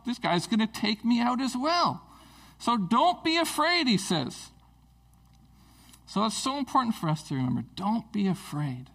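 A man's voice: sits high, gravelly, poor audio. A man preaching a conversational sermon in a casual, earnest way, with fillers and restarts.

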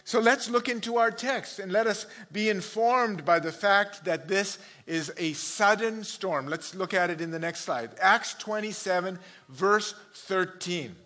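A man's voice: high-pitched, measured pace, sharp tone. A man preaching as a pastor, opening with a prayer and telling humorous anecdotes, often chuckling at his own stories. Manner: chuckles often, storytelling asides.

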